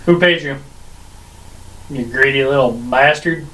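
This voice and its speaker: A man's voice: medium pitch, a little slow, fairly bright tone, close to an everyday voice, rough recording. A man voicing a tentacled, brain-eating monster that questions and threatens its captives. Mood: interrogating.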